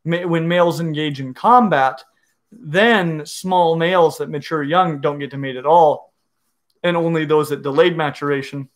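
A middle-aged reptile educator with a highish voice answers viewer questions during a casual livestream Q&A. He speaks at normal speed, enthusiastic and explanatory, and often restarts his sentences.

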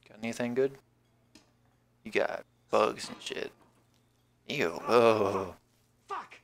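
A man's voice: on the low side, slow pace. A man giving casual let's-play commentary while gaming, rambling and wisecracking with plenty of swearing. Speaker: gameplay commentator.

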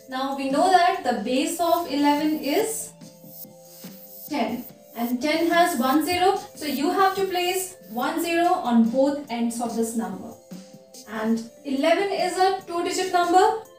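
A woman, teaching a math trick step by step in a slow, patient way. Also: high-pitched, recorded from a distance. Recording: echoey room, voice off-mic, faint music.

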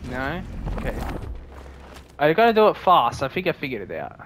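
A man giving jokey, swearing let's play commentary and reacting loudly to scares. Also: mid-range voice, wildly swooping pitch, normal speed, a little hiss or hum. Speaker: gaming video creator.

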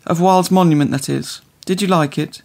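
A man's voice: a little high, fairly even intonation, moderate pace, vocal fry, darkish tone. A man voicing a fussy, disapproving older woman who fusses and talks down to her companion. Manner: fretting, patronizing.

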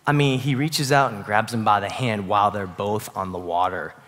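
A man's voice: on the low side, steady tone, normal speed. Man preaching in a reverberant hall. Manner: conversational, swings between loud bursts and quiet hushed passages. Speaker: pastor. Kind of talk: sermon. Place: church sanctuary.

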